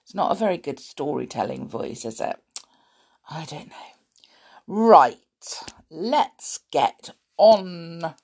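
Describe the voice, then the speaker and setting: A woman hosting a storytelling show, croaky from a sore throat, chatting playfully to young listeners. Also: low-pitched, unhurried, long pauses. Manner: playful, animated, with gasps and little laughs.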